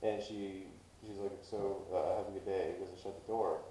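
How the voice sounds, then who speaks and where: Man, podcast co-host, casual profane storytelling, dark voice, echoey room, off-mic. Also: deep voice, fairly even intonation, normal speed, slight background noise.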